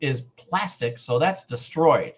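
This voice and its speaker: A man's voice: medium pitch, lively intonation, takes it slowly, husky. A middle-aged man telling a long personal story on a podcast, acting out the other people's lines as he goes. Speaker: podcast co-host. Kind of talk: casual storytelling.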